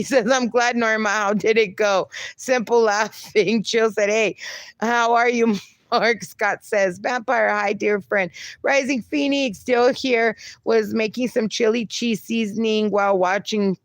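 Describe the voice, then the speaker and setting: In a dry recording, a woman with a fairly high, steady voice speaks a bit slowly. She hosts a relaxed livestream, reading out chat comments, teasing viewers and laughing often.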